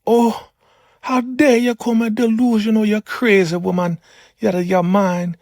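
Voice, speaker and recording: A man voicing an indignant older woman, a cult elder, in a shrill and outraged manner. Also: level tone, moderate pace, a little mellow, no echo, clean studio sound.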